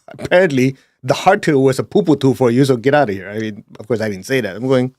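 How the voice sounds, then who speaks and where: A man telling a personal story in a plain-spoken way, his delivery swinging between hushed and emphatic, with blunt asides. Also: mid-range voice, brisk, no room sound, clean studio sound. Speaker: speaker sharing a personal story.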